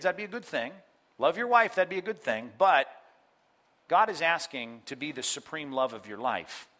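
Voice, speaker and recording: A man delivers a sermon from the pulpit in a bright, slightly high voice. He is animated, speaks straight to his listeners and acts out the people he quotes. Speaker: pastor. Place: church.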